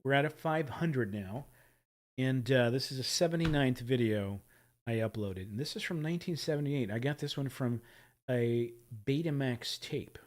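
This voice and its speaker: A man's voice: mid-range voice, normal speed, a little hiss or hum. A man hosting a livestream and chatting casually as he reacts to videos. He rambles, chuckles and trips over his words. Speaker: livestream host.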